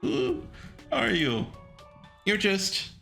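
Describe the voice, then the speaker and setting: A man's voice: sits high, sing-song, very slow, vocal fry, pushed and bright, soft background music. A man casually commenting as he plays through a story game, reacting aloud and joking. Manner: reacts aloud, wry and jumpy. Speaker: let's-play host.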